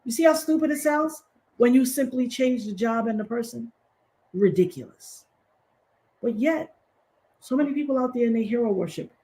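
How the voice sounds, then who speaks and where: A woman's voice: on the high side, lively intonation, normal speed, pauses often, warm tone, poor audio. A woman hosting a livestream. She talks emphatically and preaches, with sassy asides. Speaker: commentary host. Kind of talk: animated livestream commentary.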